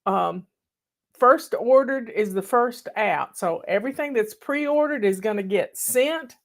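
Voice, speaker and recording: Slow, teary woman host. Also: fairly high pitch, lively intonation. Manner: folksy, warm-hearted, emotional, drawling. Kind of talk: casual live video chat.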